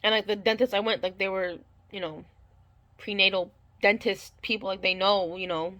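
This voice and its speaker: A woman's voice: medium pitch, steady tone, normal speed, pushed and bright. A young woman casually telling her birth story, rambling with many fillers and restarts and acting out the dialogue.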